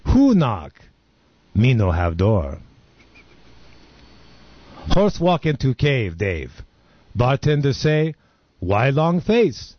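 A man's voice: mid-range voice, very animated, very slow, long pauses, no echo, exaggerated voice. A man playing a dim-witted male caveman comedian who tells jokes in broken caveman grammar. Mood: deadpan jokey. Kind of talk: comedy sketch stand-up bit. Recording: dull lo-fi recording.

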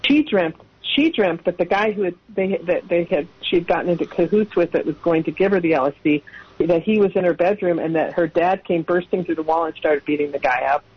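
On dull, lo-fi radio audio, a guest in her sixties with a husky, lowish voice talks fairly quickly. She laughs as she wanders through long, casual anecdotes about her family.

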